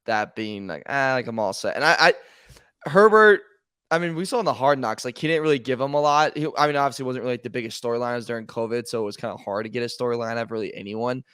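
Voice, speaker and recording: A man's voice: medium pitch, fast talker, fairly bright tone, clean tone, no room sound, studio quality. A man co-hosting a sports podcast in a rambling way, full of fillers and restarts. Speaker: podcast co-host. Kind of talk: casual sports talk.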